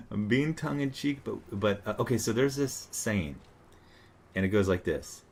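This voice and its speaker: A man's voice: mid-range voice, lively intonation, slow, pauses often, slight background noise. A man giving a casual, rambling commentary monologue in a sarcastic tone, with frequent fillers and restarts. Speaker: commentator reacting to online posts.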